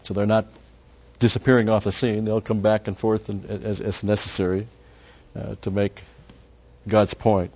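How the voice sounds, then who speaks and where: A man's lowish, slightly mellow voice comes through dull lo-fi sound as he teaches a Bible passage verse by verse. His delivery is flat, at normal speed with frequent pauses, and he chats through the meaning of each word with asides along the way.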